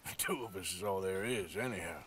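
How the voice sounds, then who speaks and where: A man voicing a weary, gruff frontier outlaw who grumbles in a dry, sardonic way. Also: deep voice, a little fast, a bit bright, slight background noise. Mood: dry grumbling. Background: game music.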